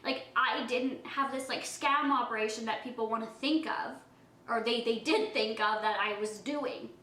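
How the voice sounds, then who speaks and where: A woman's voice: fairly high pitch, moderate pace, bright, forceful tone, echoey room, poor audio. A young woman vlogger chatting casually while eating, talking in a defensive, emotional way. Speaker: beauty vlogger. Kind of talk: casual eating-show vlog talk.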